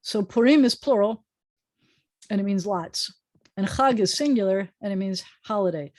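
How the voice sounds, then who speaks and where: Woman rabbi, casual online Hebrew teacher; chatty and animated, slows down to spell out words, on a video call. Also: medium pitch. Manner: chatty, animated, drawn-out slow pronunciations of words. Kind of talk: casual online language lesson. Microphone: computer mic on a video call.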